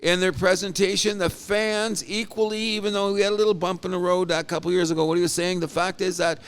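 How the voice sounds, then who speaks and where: A man co-hosting a casual sports podcast, rambling and animated with frequent restarts. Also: high voice, quick pace, clear, resonant tone. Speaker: podcast co-host.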